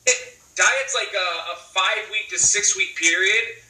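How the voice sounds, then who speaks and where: Brief: male guest, very bright tone, earnest rambler, roomy distant recording. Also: sits high, unhurried. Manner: earnest, rambling, many fillers. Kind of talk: casual interview talk.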